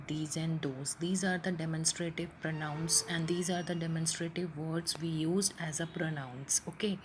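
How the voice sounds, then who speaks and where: A woman teaching an English grammar lesson, explaining slowly with frequent checks like "right?" and "okay". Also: low voice, background noise.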